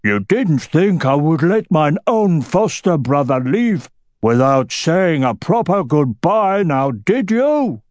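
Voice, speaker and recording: A man doing a proud booming dwarf king. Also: expressive, takes it slowly, darkish tone, dry recording. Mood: jovial. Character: proud hearty dwarf king, middle-aged male.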